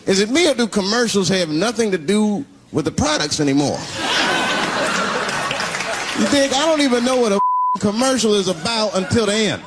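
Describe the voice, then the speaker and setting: A male stand-up comedian tells stories on a club stage, throwing his voice around as he acts out characters. His voice sits high and swings widely. A loud crowd and heavy room noise surround him. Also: moderate pace, long pauses. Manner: animated storytelling, acting out characters with big voice swings. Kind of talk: stand-up set. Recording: live club set with loud crowd laughter.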